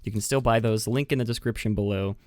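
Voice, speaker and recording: A man's voice: on the low side, steady tone, fast, a little mellow, dry recording, studio quality. A man hosting a podcast in a casual, chatty, self-mocking way, often giggling at his own jokes. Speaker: podcast host. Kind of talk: casual chat. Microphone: webcam with mic.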